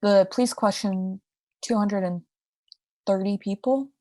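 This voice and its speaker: A woman's voice: mid-range voice, steady tone, a little slow, mellow, dry recording, studio quality. A young woman co-hosting a podcast, telling a crime story in a casual, chatty way with asides and restarts. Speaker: podcast co-host.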